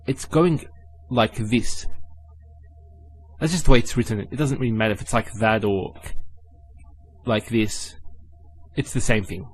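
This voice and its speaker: Patient and methodical, this male teacher covers Arabic letters and vowels aloud, pronouncing every syllable slowly and saying it again. His voice sits in the middle range and sounds slightly rough.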